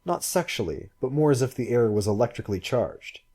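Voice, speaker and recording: A man reading a science fiction story aloud in a measured, even way. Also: medium pitch, husky. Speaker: audiobook reader. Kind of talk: scripted narration.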